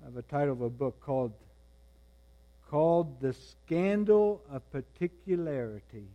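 A man preaching a sermon, moving between quiet, intense passages and raised, emphatic ones. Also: mid-range voice, dull audio. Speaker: pastor.

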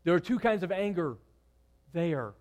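A man preaching a sermon, moving between loud, emphatic lines and hushed, quiet ones. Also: high-pitched, lively intonation, normal speed. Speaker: pastor.

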